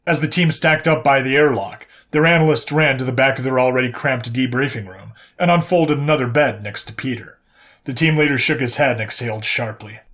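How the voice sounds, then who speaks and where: Guy reading a sci-fi story out loud, steady and plain, mid pitch. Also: a little fast. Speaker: narrator. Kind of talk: audiobook narration of a sci-fi story.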